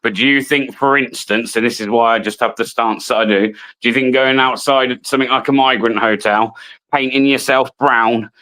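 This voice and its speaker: Man as a stream panel guest, measured arguer, average-pitched everyday voice. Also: steady tone, pushed and bright. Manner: measured, argumentative, says "bro". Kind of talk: casual panel chat.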